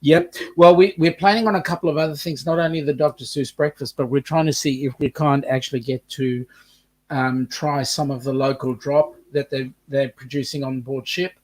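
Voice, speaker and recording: A man's voice: medium pitch, fairly even intonation, moderate pace. A man with a mixed British and New Zealand accent co-hosting a casual live-stream chat, reading out viewer comments and joking around. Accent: British and New Zealand mix. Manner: chatty, reads out viewer comments, jokes around. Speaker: co-host.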